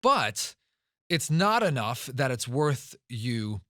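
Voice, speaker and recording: A man's voice: medium pitch, very animated, slow, bright, forceful tone, dry recording, studio quality. A man hosting a podcast who talks emphatically, tells stories and repeats words for stress. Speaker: podcast host and real estate investor. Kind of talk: podcast monologue.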